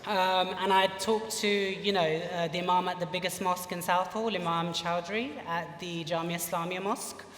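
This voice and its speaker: A man's voice: sits high, fairly even intonation, normal speed, few pauses, fairly bright tone, a little hiss or hum. A young British man telling a funny personal story on stage at a live lecture, chatty and full of "you know". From United Kingdom. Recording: echoey hall from far off.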